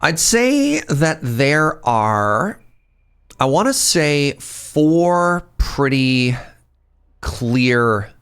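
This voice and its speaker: A middle-aged man from British Columbia, with a BC Canadian accent, chats casually and teases his viewers while streaming a game. His slightly high voice is sing-song, very slow, fairly bright, and clean.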